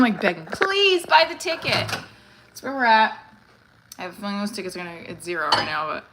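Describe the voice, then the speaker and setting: A woman's voice: mid-range voice, background noise. A middle-aged woman, a comedian, chatting casually on a livestream, rambling and reading viewer comments aloud.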